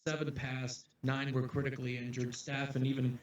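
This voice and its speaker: A man's voice: medium pitch, monotone, highs cut off, lightly acted. A man playing a solemn school headmaster. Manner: solemn, measured address. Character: grave male headmaster addressing students. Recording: distant roomy mic with faint ambience.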